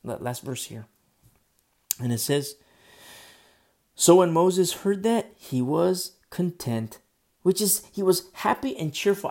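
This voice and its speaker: A man preaching a sermon as pastor, conversational, swinging between loud emphasis and quiet asides. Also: sits high, lively intonation, slow pace, creaky, long pauses.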